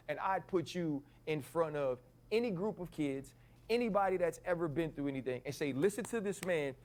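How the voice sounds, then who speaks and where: A man's voice: fairly high pitch, a little mellow. A podcast host questioning his guest earnestly and pressing him with probing questions. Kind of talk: podcast interview.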